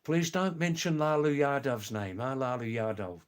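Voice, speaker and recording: An older man from England, hosting a live stream, chatting casually with viewers in a slow, rambling way full of hesitant fillers. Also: mid-range voice, lively intonation, smooth. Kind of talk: casual live chat reading viewer comments.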